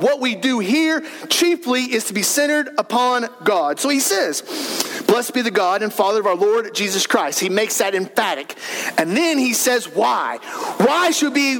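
A man pastor preaching a sermon in a church, earnest and emphatic, rising in bursts of excitement. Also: very high voice. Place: church sanctuary.

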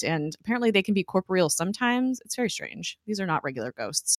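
A woman co-hosting a casual chat, retelling a TV episode in a chatty way, full of fillers and quick laughs. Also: fairly low pitch, expressive, bright, forceful tone, no room sound, studio quality. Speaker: podcast co-host.

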